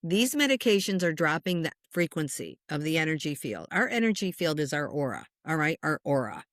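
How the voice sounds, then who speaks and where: A woman's voice: low-pitched, a little fast, dry recording. Earnest woman medium, dry sound. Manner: earnest, passionate, animated retelling. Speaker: spiritual medium, guest. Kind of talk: conversational interview storytelling.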